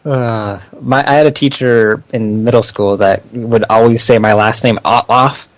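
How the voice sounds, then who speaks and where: A man's voice: mid-range voice, fairly even intonation, a little slow, no room sound. Laughing young male podcast co-host. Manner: laughs often, stumbles over read news. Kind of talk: casual podcast chat.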